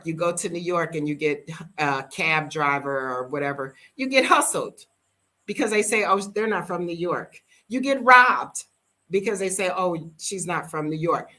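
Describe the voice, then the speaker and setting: A woman's voice: on the low side, bright, forceful tone. An American woman in her fifties telling a story in a blunt, emphatic, casual way, repeating words for stress. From United States. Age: 50s. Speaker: vlogger living abroad.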